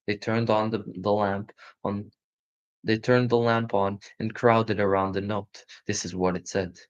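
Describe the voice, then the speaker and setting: A man giving a live reading of a children's storybook in a calm, steady voice. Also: lowish voice, measured pace. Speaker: storybook reader. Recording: muffled lo-fi recording.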